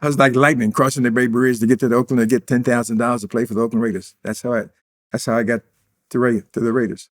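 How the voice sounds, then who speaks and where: Older man from Indiana, 80s, interview guest: swaggering storyteller, mid-pitched, plays every part in his own tales. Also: level tone, fast talker. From Indiana, USA. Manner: boastful, acts out quoted dialogue.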